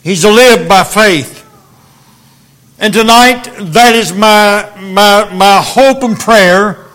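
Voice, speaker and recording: A man preaching in a church, reading scripture aloud slowly and then speaking earnestly to the congregation. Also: sits high, fairly bright tone. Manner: slow, deliberate King James reading, then earnest preaching.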